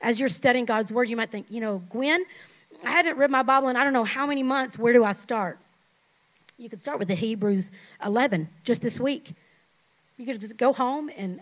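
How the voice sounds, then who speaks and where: A middle-aged woman pastor preaching a sermon, emphatic, leading the congregation in call-and-response and dropping at times to a hush. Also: on the high side, rough recording. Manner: emphatic, swings from loud to hushed.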